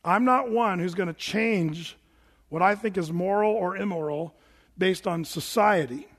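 High-voiced man preaching in a reverberant hall. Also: unhurried. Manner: animated, emphatic preaching with quoted asides. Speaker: pastor. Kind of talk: sermon.

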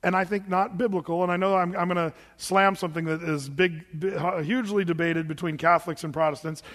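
American man, pastor, chatty sermon with asides, high voice, reverberant church. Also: steady tone, fairly quick, a bit bright. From United States. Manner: conversational preaching with asides and restarts. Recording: long hall reverb.

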